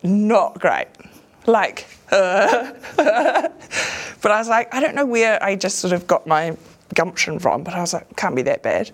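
A woman with a New Zealand accent, a comedian and actor telling casual anecdotes in an interview, acting out voices and laughing often. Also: fairly low pitch. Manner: lively storyteller who acts out voices and laughs often.

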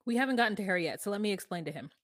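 A woman co-hosting a podcast, casually retelling a story with animated, jokey quotes of the people in it. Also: medium pitch, racing, dry recording, studio quality. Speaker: podcast co-host.

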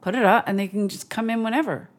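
A woman comedian sits in as a podcast guest, talking casually. She throws in quick asides and laughs between her phrases. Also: mid-range voice. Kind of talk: casual chat.

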